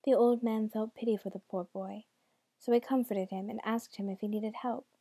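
Storybook narration comes from a woman whose medium-pitched voice is mellow and dark, with fairly even intonation at normal speed. She pauses for wry asides aimed at the listener. Everything sounds dry and close, with no room sound.

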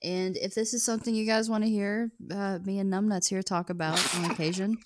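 A woman's voice: medium pitch, steady tone, brisk, no room sound. Woman podcaster in dry, close banter. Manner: giggly, teasing banter. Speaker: podcast co-host. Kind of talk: casual chat.

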